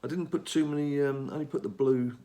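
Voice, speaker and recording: This middle-aged English man rambles chattily over a mobile game for his gaming channel, talking to himself as he plays. His voice is on the high side and warm, fairly even in intonation, and he talks fast.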